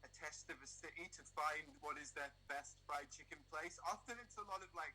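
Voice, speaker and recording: A man's voice: fairly high pitch, brisk, pushed and bright, a little hiss or hum, rough recording. A man from the United Kingdom, a guest on a video-call interview, chatting cheerfully and loosely with plenty of fillers. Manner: laid-back, cheerful, rambling with fillers. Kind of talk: casual chat.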